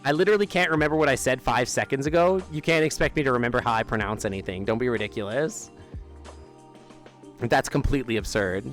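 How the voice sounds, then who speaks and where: A man live-streaming from outdoors in a loose, rambling chat, often breaking into laughter and leaving sentences unfinished. His pitch sits in an ordinary middle range, and faint music plays in the background. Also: quick pace, fairly bright tone. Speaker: livestreamer. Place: outdoors near an amphitheater.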